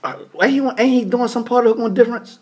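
A man co-hosting a podcast, tossing in quick, jokey remarks during casual, profane banter. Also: extremely high pitch, a little mellow, slightly rough. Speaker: podcast co-host.

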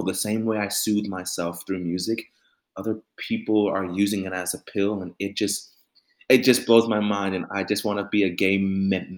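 A young man with a fairly low voice tells a personal story in a relaxed interview. He performs the other people's lines as he goes and laughs along with his own tale. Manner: animated storyteller acting out quoted voices, with laughter. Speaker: musician and band leader.

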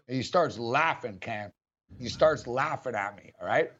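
A man hosting a sports talk show, telling stories in an animated, excitable way. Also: mid-range voice, normal speed. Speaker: sports radio host. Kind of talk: casual storytelling chat. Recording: dull lo-fi audio.

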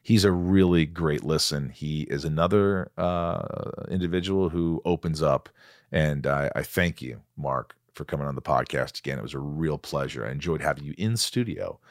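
A man hosting a podcast, chatting casually in a jokey, excitable, rambling way. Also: rumbling low, moderate pace, no room sound, clean studio sound. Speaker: podcast host.

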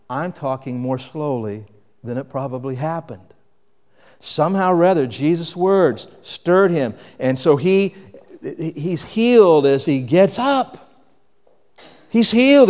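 A man with a slightly high voice preaches in a big hall with long reverb. His delivery swings from loud, emphatic lines down to quiet, reflective ones. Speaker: pastor. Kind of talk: sermon.

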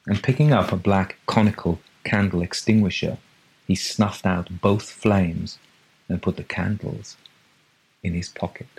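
A man narrating a ghost story for a podcast in a steady, measured way. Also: low voice, husky, poor audio. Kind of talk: scripted ghost story reading.

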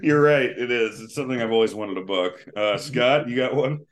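A man's voice: medium pitch, a little fast. Rambling casual podcast man. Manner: rambling, filler-heavy, drops "bro" at ends of lines. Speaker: podcast co-host. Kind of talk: casual comedic chat.

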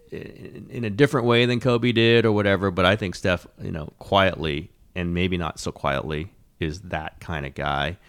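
A middle-aged man hosting a casual sports talk show, rambling and animated, with frequent restarts and the odd swear. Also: sits low, vocal fry. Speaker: sports columnist and podcast host.

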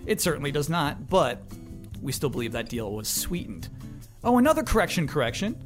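A man hosting a casual podcast, joking his way through listener mail and corrections. His voice sits high and swings widely in pitch, animated throughout. Faint music plays underneath. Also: brisk. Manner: animated, joking host reading a listener question. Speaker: podcast moderator.

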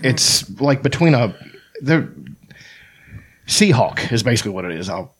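Husky, animated man, chatting. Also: medium pitch, a little slow. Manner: rambling, swears freely, frequent restarts. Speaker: podcast co-host. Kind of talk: casual chat among friends.

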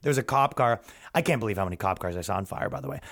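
A man's voice: fairly low pitch, animated, rapid-fire, vocal fry, fairly bright tone. A young man, a comedian and podcast host, telling rambling, jokey stories in a casual monologue and acting out the people he saw.

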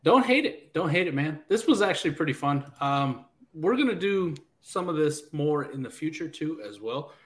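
A man's voice: on the high side, lively intonation, moderate pace, few pauses. A man co-hosting a casual podcast, laughing often as he runs through lists. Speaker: podcast co-host.

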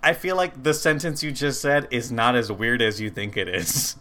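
A man with a bright, forward voice chats loosely about a film with a friend. He swears freely, laughs often and restarts his sentences as he thinks aloud. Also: medium pitch, moderate pace. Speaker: podcast co-host. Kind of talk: casual movie recap chat.

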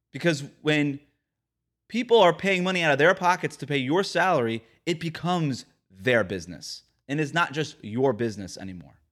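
A man's voice: fairly high pitch, a bit bright. A man hosting a sports podcast, delivering an emphatic, ranting opinion monologue. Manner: emphatic, ranting, mocks quotes with put-on voices. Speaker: podcast host.

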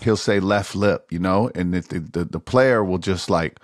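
A man's voice: sits low, moderate pace, dry recording, clean studio sound. A man hosting a casual podcast chat, telling a story full of swearing and laughter, recorded outdoors on a golf course. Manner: profane, laughing anecdote teller. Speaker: podcast host.

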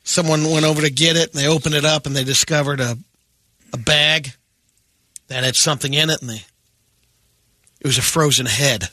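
A male radio news reader delivering offbeat stories in a matter-of-fact, deadpan way on a studio microphone. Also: on the high side, a little fast, pauses often.

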